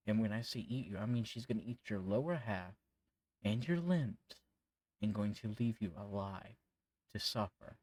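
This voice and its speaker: A man's voice: lowish voice, darkish tone, low-quality recording. A man voicing a brutal threatening adventurer. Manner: threatening, deliberate. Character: menacing, brutal male adventurer.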